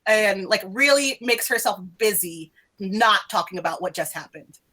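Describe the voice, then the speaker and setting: A woman's voice: medium pitch, lively intonation, moderate pace, bright, forceful tone. A woman narrating as game master of a tabletop role-playing game, talking loosely with lots of "like" and laughter. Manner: loose, chatty, full of "like" and laughs.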